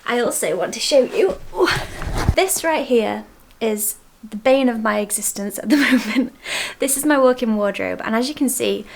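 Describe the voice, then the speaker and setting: A young woman vlogging from her bedroom at home, chatting candidly to camera and laughing softly between thoughts. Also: a little high, moderate pace, vocal fry. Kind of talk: casual chat to camera.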